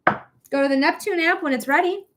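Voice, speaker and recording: A woman's voice: extremely high pitch, moderate pace, a bit bright, a little hiss or hum. A woman reading tarot on a live stream, emotional and close to tears, gushing thanks to viewers and cursing casually. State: tearful.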